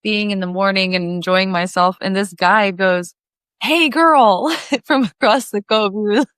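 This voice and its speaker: A woman's voice: mid-range voice, moderate pace, smooth, no echo, clean studio sound. A woman in her thirties from the Midwest, a singer, tells stories as a podcast guest, laughing often and acting out the voices she quotes. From Lake of the Ozarks, Missouri. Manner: giggly, animated storyteller who acts out quoted voices. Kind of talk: casual storytelling interview.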